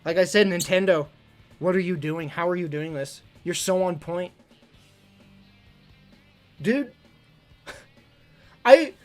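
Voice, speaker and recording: A streamer talking casually on a live stream, gushing and excitable, often stumbling and repeating words. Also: medium pitch. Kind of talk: casual livestream talk ranking games.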